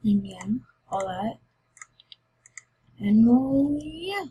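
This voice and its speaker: A woman's voice: fairly high pitch, slow, darkish tone, breathy edge, low-quality recording. A woman YouTuber chatting casually and rambling through a game giveaway video. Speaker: Minecraft YouTuber.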